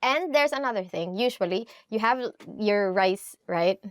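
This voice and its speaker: A woman with a Filipino accent hosting a casual spoken language lesson, chatty and laughing often, saying example phrases slowly. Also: medium pitch, animated, dry recording, clean studio sound. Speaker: language teacher host.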